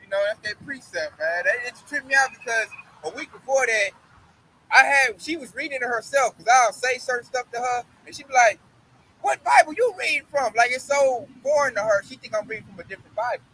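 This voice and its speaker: A young man preaching outdoors, telling a blunt, profane, animated testimony story. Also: extremely high pitch, brisk, slight background noise, low-quality recording.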